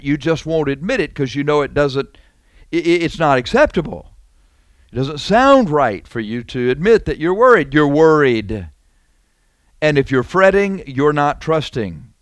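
A man's voice: fairly high pitch, dry recording. Emphatic preacher man, dry close sound. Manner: repetitive, emphatic, conversational with rhetorical questions. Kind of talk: sermon.

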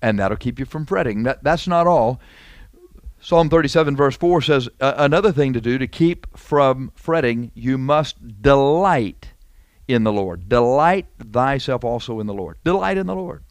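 A male preacher gives an expressive, emphatic sermon to his congregation in a conversational way, speaking unhurriedly at a middle pitch. He repeats his points and keeps asking rhetorical questions, and the recording is dry and close, with almost no room sound.

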